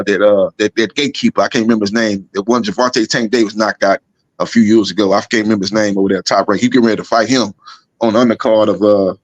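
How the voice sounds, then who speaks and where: A man's voice: lowish voice, dry recording. A man co-hosting a boxing talk show in casual chat, loose and repetitive in his phrasing. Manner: fast, loose, repeats himself. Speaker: boxing podcast co-host.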